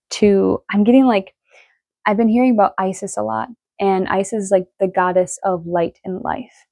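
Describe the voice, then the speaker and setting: A woman giving a casual tarot reading, excitable and emotional, swearing freely as she talks. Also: medium pitch, vocal fry, no room sound. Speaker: tarot reader.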